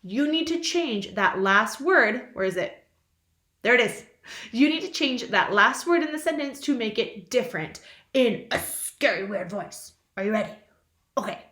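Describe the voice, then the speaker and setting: A fairly high-voiced young woman teaching little kids from home, spelling out each sentence slowly and now and then dropping into a playful silly voice. Her voice rings around an echoey room. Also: lively intonation, sharp tone. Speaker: kindergarten teacher. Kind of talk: remote lesson to young children.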